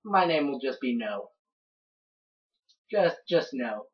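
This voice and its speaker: Low-voiced woman chatting thru a let's play, rambly, muffled lo-fi mic. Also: very animated, takes it slowly. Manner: rambling, chatty, narrates each step. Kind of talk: casual game commentary. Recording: dull lo-fi recording.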